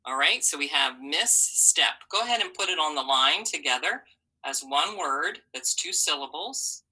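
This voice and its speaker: A woman teaching a phonics lesson to young children, slowly sounding out letters and syllables with encouraging praise. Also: deep voice, animated, pushed and bright, breathy edge, rough recording.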